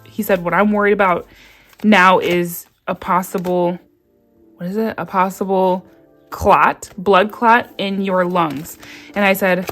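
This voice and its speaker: Woman vlogger doing a story time, animated, laughs a lot, acts out the quotes, bit of quiet music behind. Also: mid-range voice, slow.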